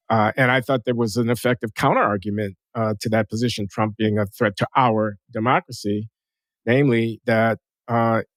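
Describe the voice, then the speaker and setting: Measured, hesitant male host. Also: fairly low pitch, no echo. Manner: measured, deliberate, hesitant with many pauses. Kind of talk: conversational discussion.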